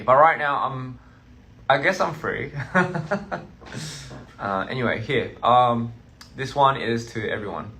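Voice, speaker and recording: A man's voice: mid-range voice, slow, long pauses, pushed and bright. Playful man chatting to fans. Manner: playful, teasing, loose. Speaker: touring artist talking to fans. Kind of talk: casual live-stream chat. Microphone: phone.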